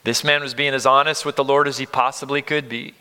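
A man in his fifties preaching a sermon, earnest and emphatic, moving between loud stress and near-whispers. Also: mid-range voice, little pitch movement, fast, clean tone. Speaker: pastor. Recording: long reverb of a large hall.

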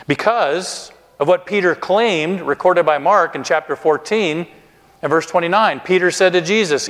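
A man preaching a sermon, earnest and expressive, slowing down and speeding up for emphasis. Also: high-pitched. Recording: long reverb of a hall.

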